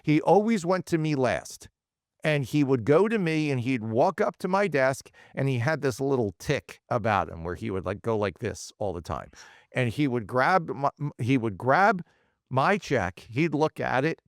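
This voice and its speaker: A man in his forties tells a story as a podcast guest, acting out every quote. His pitch swings widely as he goes, and the sound is close and dry. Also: moderate pace, no echo. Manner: animated, acts out quotes. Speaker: podcast guest, automotive CEO. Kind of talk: storytelling in casual interview.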